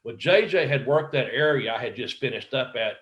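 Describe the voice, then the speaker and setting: A middle-aged man tells wrestling stories in a loose, rambling way. His voice sits at an ordinary middle pitch. He acts out quotes and swears freely. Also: animated, a little fast, a bit bright. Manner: rambling anecdotes with acted-out quotes and profanity. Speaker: wrestler telling stories as a podcast guest. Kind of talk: casual storytelling interview.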